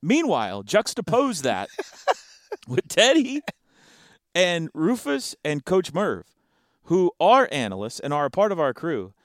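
A man co-hosting a sports talk show in casual chat, playful and animated, breaking into sound effects. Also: on the high side, unhurried, no echo, studio quality.

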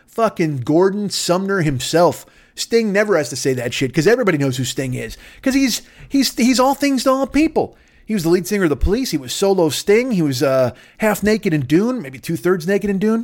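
A man rants his way through a rambling comedy riff, his voice pitched high and leaping all over the place. He swears constantly and piles one absurd tangent on another. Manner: profane, excitable, absurd tangents. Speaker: podcast host.

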